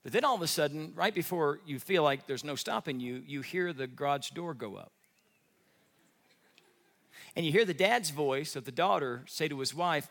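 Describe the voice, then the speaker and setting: Gravelly-voiced male pastor preaching. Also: a little high, moderate pace, long reverb tail. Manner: animated preaching with acted-out voices and humor. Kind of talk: sermon. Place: church sanctuary.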